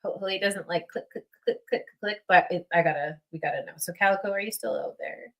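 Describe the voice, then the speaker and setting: A young woman hosting a casual livestream, rambling with many fillers and getting excited. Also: fairly low pitch, fast. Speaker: livestream host.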